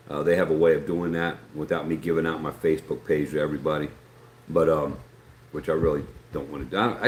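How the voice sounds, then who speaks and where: A man hosting a livestream, chatting casually and reading viewer comments, rambling with fillers and restarts. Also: low-pitched. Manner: rambling, halting with fillers and repeats. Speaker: livestream host. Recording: echoey room with faint noise.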